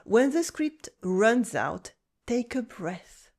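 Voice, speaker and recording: A woman with a French accent teaching French, narrating a calm, encouraging scripted lesson. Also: a little high, slow pace. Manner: calm, encouraging, acts out short French dialogue lines.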